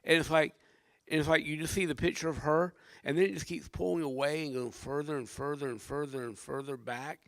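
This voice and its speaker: Older man, pastor, preaching a sermon, higher-pitched voice, swings loud and hushed. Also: fairly even intonation, a little fast, creaky, no echo.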